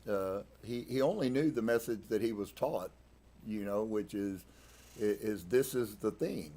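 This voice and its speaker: A man's voice: fairly low pitch, measured pace. A man leading a live-streamed Sabbath service, preaching in a conversational way with many restarts and sudden shifts in emphasis. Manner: conversational, with frequent restarts and emphatic swings in loudness. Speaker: congregation leader. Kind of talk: casual live-streamed sermon.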